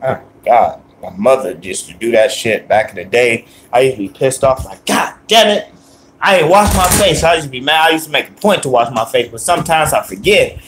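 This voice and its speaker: A man's voice: mid-range voice, a little fast, few pauses, noisy background. A young man livestreaming from his phone as he walks to a store, rambling, swearing and answering his chat. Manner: profane, rambling and joking, talks back to chat. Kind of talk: casual livestream talk. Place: out walking to a store, then inside the store.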